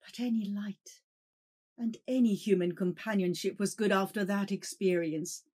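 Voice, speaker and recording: A woman reading a ghost story aloud in a slow, dramatic storytelling manner. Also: mid-range voice, fairly even intonation, a little mellow, husky. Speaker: narrator. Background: shamisen music.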